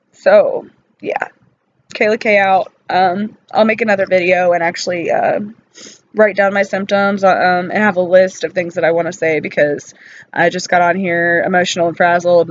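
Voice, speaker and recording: A woman talking in an unscripted personal vlog, weary and emotional from pain, halting and apologetic with many pauses and fillers. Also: mid-range voice, highs cut off. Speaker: vlogger.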